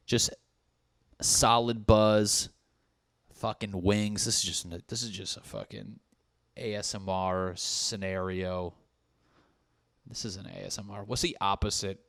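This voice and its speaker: A man's voice: lowish voice, fairly bright tone, dry recording, studio quality. A man in his thirties hosting a podcast as a casual, comedic solo monologue. He rambles and swears freely as he riffs on party scenarios. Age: 30s. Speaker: podcast host.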